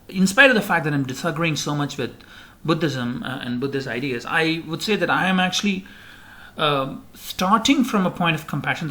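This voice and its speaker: A man's voice: fairly high pitch, sharp tone. A man giving a recorded slide lecture, rambling with many fillers and restarts.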